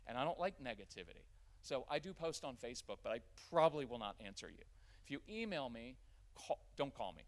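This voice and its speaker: A man's voice: medium pitch, a bit bright. A man in his fifties giving a live parenting workshop, joking and acting out parent-child dialogues. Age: 50s.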